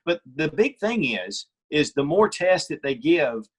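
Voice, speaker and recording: Middle-aged male guest, husky, raised voice register, opinionated storyteller. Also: a little high, very animated, a little slow. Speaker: guest, firearms reviewer. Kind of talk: casual interview chat.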